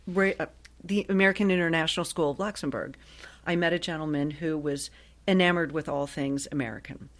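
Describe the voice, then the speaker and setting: A woman in her sixties from Ohio, a guest telling stories in a chatty, lively way with frequent laughs. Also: sits low. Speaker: guest, actress and voiceover artist. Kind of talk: casual interview storytelling.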